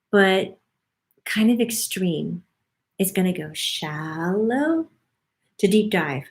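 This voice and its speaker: A woman's voice: on the low side, darkish tone. A woman working as a medium, casually passing on a spirit guide's monthly forecast, chatty and given to laughing. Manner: chatty, laughs often, relays what the guide says.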